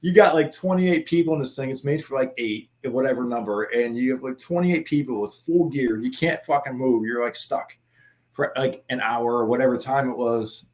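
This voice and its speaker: A man's voice: medium pitch, normal speed. A man telling war stories in casual chat, laughing often and swearing freely. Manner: laughing, profane, animated anecdotes. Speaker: former Marine guest.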